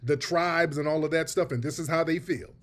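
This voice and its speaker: Male host, pointed emphatic commentary, a little higher voice. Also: fairly quick. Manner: emphatic, addresses audience as family. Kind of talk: commentary on played clips.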